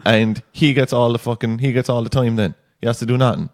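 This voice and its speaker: A man's voice: mid-range voice, steady tone, quick pace. A young man co-hosting a podcast, chatting casually with dry, teasing humour and rambling restarts. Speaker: podcast co-host. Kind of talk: casual banter.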